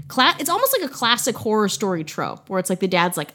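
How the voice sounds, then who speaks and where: A woman's voice: on the low side, very animated, fast talker, hardly any pauses, fairly bright tone. A woman from Wisconsin hosting a podcast, telling a spooky story in a casual way with playful, jokey asides. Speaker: podcast host.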